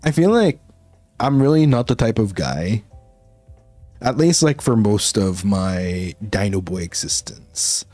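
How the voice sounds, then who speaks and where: Streamer guy, casual chat, giggly, unhurried, swoops up and down a lot, dry close sound with faint music behind. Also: on the low side, big pitch swings, a little mellow, no room sound. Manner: giggly, laughs often, rambling. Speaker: VTuber streamer.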